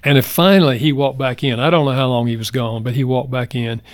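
An older man telling a personal story as a guest in a radio interview, speaking earnestly and reflectively, going soft at the tender parts. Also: mid-range voice, fairly even intonation, quick pace, dry recording, clean studio sound. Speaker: guest, marriage counselor.

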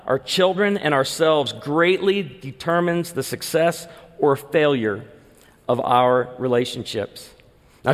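A middle-aged pastor delivers an earnest sermon in a slightly high voice. He presses his points in rhythmic lists. The long reverb of a big church sanctuary trails each phrase. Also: a bit bright. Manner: earnest, emphatic, listing in rhythmic series.

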